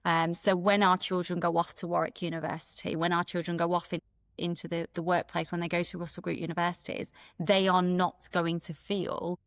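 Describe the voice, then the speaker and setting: A middle-aged woman with a fairly low voice speaks frankly and earnestly as a podcast guest. She often doubles back on her words as she talks. The sound is close and dry, with no room echo. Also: level tone, brisk. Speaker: school executive principal, podcast guest. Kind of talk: conversational interview storytelling.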